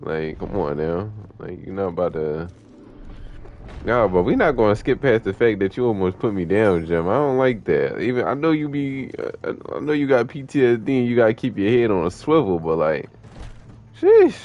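A man with a Philadelphia accent streaming an online game, loud, excitable and profane as he reacts to the action. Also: on the low side, normal speed, lo-fi sound. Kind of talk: casual gameplay commentary.

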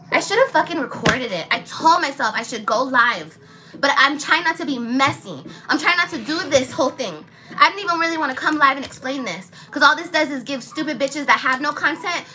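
A young woman vents on a livestream in a blunt, angry, swearing manner. Her voice sits high and sounds bright and sharp. A faint noise floor runs under the recording. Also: low-quality recording. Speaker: vlogger. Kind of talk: livestream vlog.

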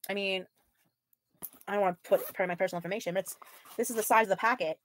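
A woman's voice: medium pitch, steady tone, very fast, a bit bright, slight background noise. A woman in her thirties streaming live, sounding tired and weary, talking frankly with sighs while reading out viewer comments in casual chat. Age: 30s. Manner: frank, blunt, sighing, with mild swearing. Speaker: livestreamer.

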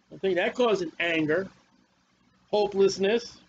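A man's voice: high-pitched, expressive, a little slow, pauses often, dull audio, slight background noise. A man preaching a fiery, confrontational sermon with a lot of repetition.

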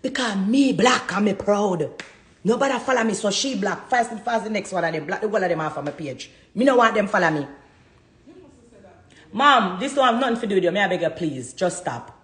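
A woman's voice: mid-range voice, expressive, brisk. Fiery Jamaican woman ranting in an echoey room. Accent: Jamaican Patois. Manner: fiery, defiant, repeats herself for emphasis. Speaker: social media vlogger. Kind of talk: heated rant to camera.

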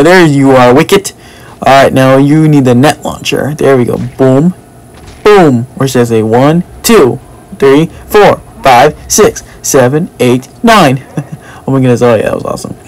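A man commenting on his own gameplay in an excitable way, with frequent exclamations and repeated phrases. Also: mid-range voice, poor audio. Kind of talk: let's play commentary.

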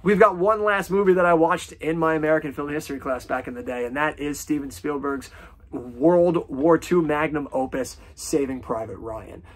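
A man's voice: fairly high pitch, normal speed. A man casually ranking films on his vlog, gushing with fan enthusiasm and swearing freely. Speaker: film reviewer.

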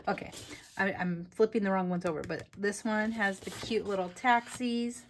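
A woman's voice: medium pitch, fairly even intonation, moderate pace, slight background noise. A woman vlogger chatting casually and enthusiastically through a craft product haul, giggling often.

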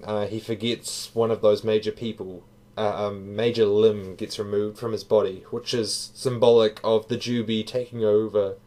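A man's voice: mid-range voice, a little mellow. Tired, profane young-sounding male reviewer. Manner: casual and profane, with fillers. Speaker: manga reviewer. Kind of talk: casual spoken review.

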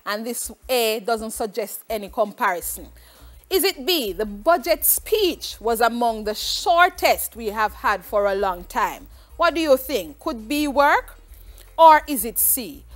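High-voiced woman teaching. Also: animated, a little slow. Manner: questioning, encouraging, explaining step by step. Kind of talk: televised exam lesson.

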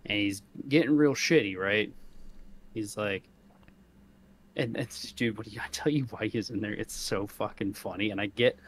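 A man's voice: lowish voice, moderate pace, slight background noise. A man on a podcast telling a rant-filled story in casual chat, swearing often and laughing as he goes. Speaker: podcast co-host.

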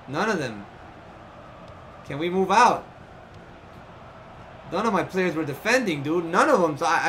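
Gaming YouTuber, male, high and lively delivery, casual slangy play-by-play over a desk mic. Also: a little hiss or hum. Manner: excitable, frustrated, says "man" and "yo" often. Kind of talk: live gameplay commentary.

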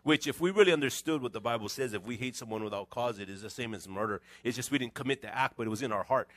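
A middle-aged man, preaching a conversational sermon as a pastor with animated, joking asides to his congregation. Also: medium pitch, fast, dry recording. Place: church sanctuary.

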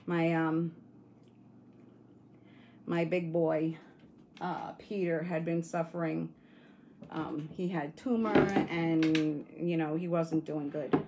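A woman's voice: sits low, fairly even intonation, slow pace, pauses often, noisy background. A woman hosting a casual livestream, rambling and answering viewer comments while grieving and near tears. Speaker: livestream host.

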